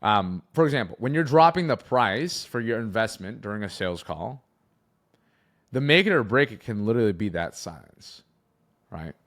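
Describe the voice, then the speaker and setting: A young man talks through sales lessons with a fairly low voice. His delivery is animated, and he leans on words and changes pace for effect. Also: normal speed. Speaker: sales coach. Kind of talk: coaching talk to camera.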